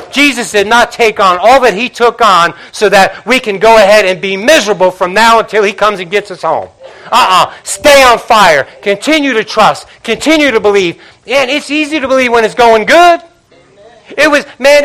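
An older male pastor with a high, ringing voice, in full sermon. He works a live congregation, driving hard on exhortations and then dropping low and intimate. The sound is bright and forward. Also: poor audio. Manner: impassioned preaching, swinging from loud exhortation to hushed confiding. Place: church before a live congregation.

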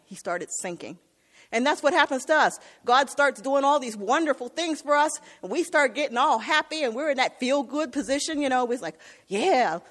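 Woman preacher, high voice, passionate sermon delivery, long hall reverb. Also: fairly bright tone. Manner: impassioned, calls for "Amen?". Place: church.

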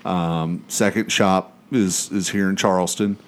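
A man's voice: low-pitched, fairly even intonation, measured pace. A man, telling a long rambling story on a podcast, swearing freely and acting out what people said. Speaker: podcast host. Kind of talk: casual chat.

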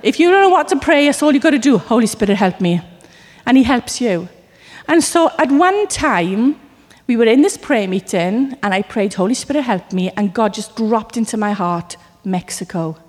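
Speaking at a normal speed, a preacher from Wales fills a big hall with her slightly high, resonant voice during a sermon. Her storytelling is lively and personal, punctuated by acted-out little voices.

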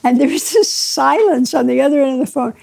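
A woman author, interviewed, telling lively anecdotes and acting out bits of dialogue with frequent laughs. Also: high-pitched, brisk, gravelly, a crowd in the background. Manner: lively raconteur, mimics dialogue, laughs often. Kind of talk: anecdotal storytelling.

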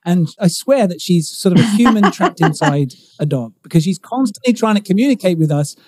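A man's voice: high voice, expressive, fairly quick, darkish tone, no echo, studio quality. A middle-aged man, a guest in an interview, explaining ideas expressively and stressing key words. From United Kingdom. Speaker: guest, communication coach. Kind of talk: conversational interview.

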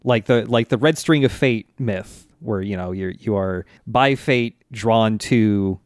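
A man co-hosting a casual chat, relaxed and laughing easily as he recaps the story. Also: fairly low pitch, takes it slowly, no room sound, studio quality. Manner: relaxed, many fillers, laughs often. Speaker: podcast co-host.

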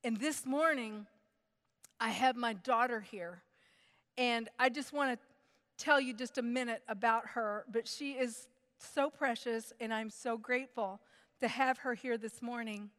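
A middle-aged woman delivers a sermon with a very high voice, telling the story with animated, dramatic flair. Her words ring out with a long reverb through a large church hall. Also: a little slow. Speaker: preacher.

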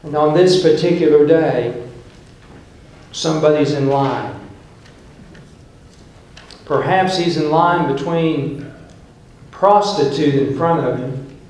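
Slow-talking male preacher in echoey church. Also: fairly high pitch, a little mellow. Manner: emphatic, storytelling preacher who paints scenes. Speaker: pastor. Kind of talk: sermon.

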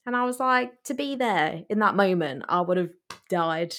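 Co-host: young woman, mid-pitched voice, animated storyteller, frank critic. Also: moderate pace. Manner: chatty, animated storyteller, blunt opinions. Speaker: podcast co-host. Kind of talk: casual chat.

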